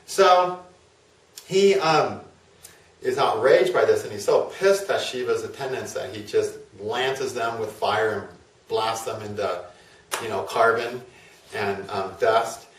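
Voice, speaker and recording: A man's voice: on the low side, slow, slight background noise. Chatty male astrologer in an echoey room. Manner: chatty, with fillers and tag questions. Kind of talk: casual storytelling lecture. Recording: roomy, from a distance.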